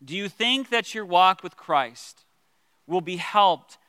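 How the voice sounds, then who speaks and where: A man teaching as a pastor about prayer, earnest and gentle, with pauses and restarts. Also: high-pitched, lively intonation, clear, resonant tone, no echo, long reverb tail.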